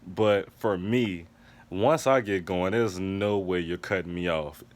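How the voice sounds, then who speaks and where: A man's voice: sits low, takes it slowly. Emphatic, profane man reviewing TV. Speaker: TV episode reviewer. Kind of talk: casual recap and review monologue.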